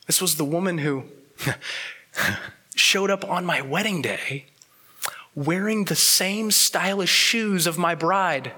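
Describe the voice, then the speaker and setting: Earnest pastor with a husky, forceful voice. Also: male voice, high voice. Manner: earnest and reflective, with pauses and trailing soft words. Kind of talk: sermon.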